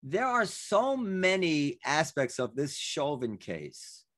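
Guy hosting a chat, kinda higher voice, stumbles into his questions. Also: big pitch swings, slow pace, a bit bright, no room sound, clean studio sound. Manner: conversational, hesitant starts. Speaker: host. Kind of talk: casual conversation.

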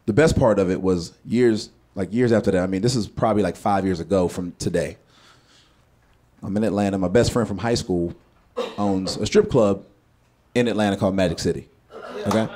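A man in his thirties telling a stand-up story on stage. He drops into hushed asides and bursts into loud, profane punchlines. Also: fairly low pitch, expressive, normal speed, long pauses, slight background noise. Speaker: stand-up comedian. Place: comedy stage before a live audience.

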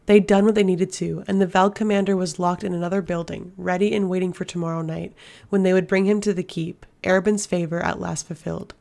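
Woman audiobook narrator, low gravelly voice, steady delivery. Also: a little fast. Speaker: audiobook reader.

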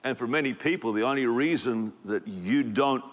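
A man's voice: mid-range voice, moderate pace. A man preaching a sermon in a church, in an emphatic, conversational way. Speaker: pastor. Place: church auditorium. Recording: echoey hall reverb.

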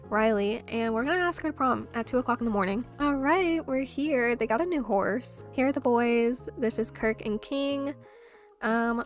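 Chatty young woman narrating gameplay. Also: on the high side. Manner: chatty, gushing reactions to the game. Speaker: gameplay host. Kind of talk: casual gameplay commentary.

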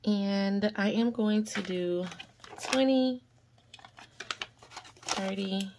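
A woman's voice: mid-range voice, extremely slow, darkish tone, slight background noise. A woman chatting casually to viewers in a budgeting vlog while counting cash aloud and calling them y'all. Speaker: budgeting vlogger.

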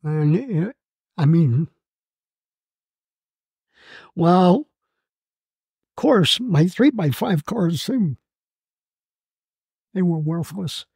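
A man in his eighths decade, a Marine veteran, telling his story in an oral-history interview, halting and emotional with many fillers and restarts. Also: high-pitched, animated, vocal fry, darkish tone, breathy edge, dry recording. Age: 80s.

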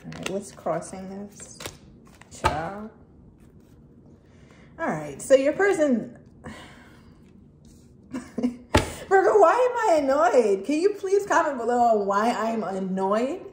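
A woman's voice: a little high, big pitch swings, slow pace, a little mellow. A woman giving a casual tarot reading straight to the viewer, blunt and swearing freely as she talks. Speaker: tarot reader. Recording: echoey room with faint noise.

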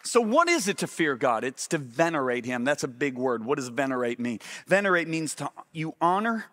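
High, bright-voiced animated male preacher. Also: normal speed. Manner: animated storytelling preacher, swings between loud exclamations and low intense emphasis. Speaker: pastor. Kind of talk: sermon.

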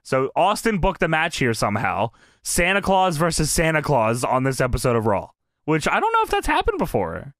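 A man's voice: fairly high pitch, wildly swooping pitch, moderate pace, fairly bright tone, no echo, studio quality. A man co-hosting a podcast in casual chat, laughing often, swearing freely and acting out quoted lines. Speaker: podcast co-host recapping wrestling.

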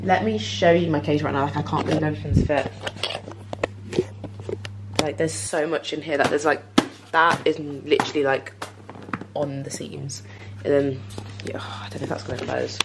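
A young woman vlogging to camera in a chatty, excitable way, full of "like" fillers. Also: deep voice, moderate pace, pauses often, heavy background noise. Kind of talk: casual vlog chat to camera.

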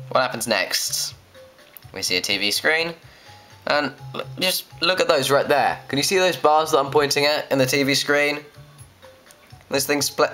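A man's voice: medium pitch, bright, forceful tone. A young man with a jokey, sarcastic manner, commenting on a video game he plays and reading its dialogue aloud. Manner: jokey, sarcastic asides, puts on silly voices. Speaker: let's play host. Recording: faint game music behind.

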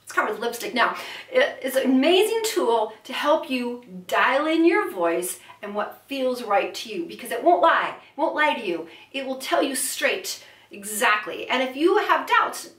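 In a studio room, a female voice teacher walks through exercises during a lesson, occasionally speaking through a straw. Her voice sits high and sounds slightly bright and very animated at an ordinary pace, captured distantly with plenty of room echo.

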